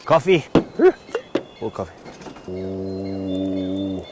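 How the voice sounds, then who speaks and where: A man's voice: sits low, animated, very slow. A man talking casually and playfully to viewers while camping outdoors, recorded on a camera mic. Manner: chatty, playful, talks to viewers. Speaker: outdoor vlogger. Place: outdoor campsite in the mountains. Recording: outdoor ambience noise.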